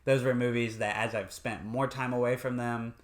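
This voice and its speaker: A man's voice: mid-range voice, fairly even intonation, moderate pace. A man co-hosting a podcast, chatting casually about movies, swearing now and then and laughing often. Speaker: podcast co-host. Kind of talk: casual movie review chat.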